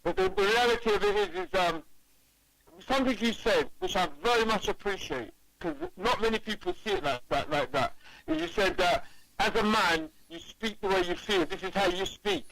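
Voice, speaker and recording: A man's voice: very high voice, very animated, normal speed, vocal fry, fairly bright tone, poor audio. A man calling into a radio talk show, talking emphatically, repeating and stumbling over his words. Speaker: caller. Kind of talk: casual phone-in chat.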